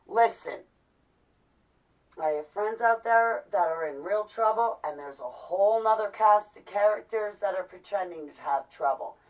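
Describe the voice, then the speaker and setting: A woman's voice: medium pitch, animated, moderate pace, distant mic, lo-fi sound. A woman in her forties ranting to her viewers in an exasperated, repetitive, pleading way. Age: 40s. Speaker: vlogger. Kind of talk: heated monologue to viewers.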